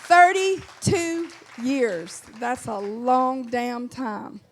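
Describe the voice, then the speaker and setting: A woman's voice: a little high, expressive, drawn-out words, a faint crowd, a little hiss or hum. A woman in her fifties with an Alabama accent, performing a folksy stand-up set and chuckling at her own lines. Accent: Southern US, Alabama. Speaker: stand-up comedian.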